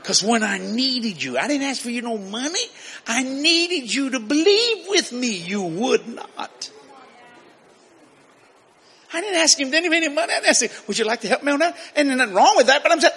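A man preaching a story-filled sermon, animated and laughing as he acts out voices. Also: very high-pitched, normal speed, husky.

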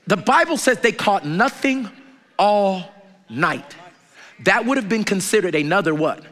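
A man preaching a sermon in a lively, conversational way, bantering and trading questions with the congregation. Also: high voice, a little slow. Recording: reverberant hall with faint noise.

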